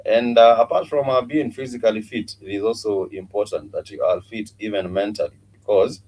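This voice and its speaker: A man's voice: lowish voice, a little fast, a little mellow, slight background noise, poor audio. A man hosting a live-streamed Swahili lesson, talking casually with many fillers and repeated words.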